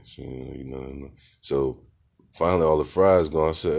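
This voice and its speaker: Very deep-voiced man telling a story. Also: fairly even intonation, normal speed, creaky, darkish tone. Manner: laid-back, rambling, heavy with fillers. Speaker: podcast host. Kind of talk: casual storytelling monologue.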